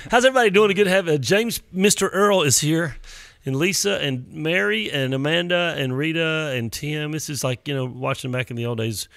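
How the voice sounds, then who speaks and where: A man's voice: a little high, fairly quick, creaky, fairly bright tone, no room sound, clean studio sound. A man in his fifties hosting a live music stream, chatting in a playful, goofy, rambling way. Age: 50s. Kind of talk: casual live-stream chat.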